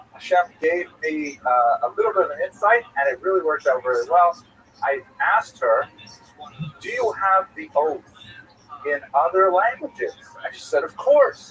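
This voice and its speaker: A middle-aged man, a rabbi giving a Talmud class, telling a personal anecdote in a rambling way with many fillers and restarts, a little flustered after rushing in. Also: on the high side. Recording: distant mic with faint noise.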